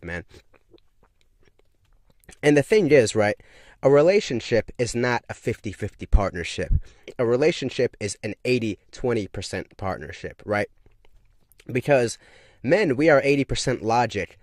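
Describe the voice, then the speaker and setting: Man, fairly low voice, emphatic casual rant with rhetorical questions, dry recording. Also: no room sound. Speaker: online commentator. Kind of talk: casual monologue.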